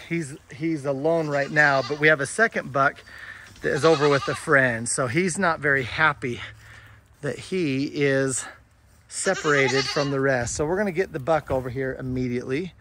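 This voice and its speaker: A man's voice: medium pitch, moderate pace, pushed and bright, slight background noise. A middle-aged man talking casually and earnestly to camera outdoors on his farm, rambling with many restarts. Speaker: homesteader vlogger. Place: outdoors on a farm, goat pen and orchard.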